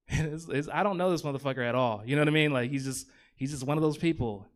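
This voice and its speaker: Rambling stand-up comic, full of ums. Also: male voice, a little high, brisk. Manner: rambling, filler-heavy, self-deprecating. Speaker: stand-up comedian. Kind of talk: stand-up comedy. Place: comedy theater stage.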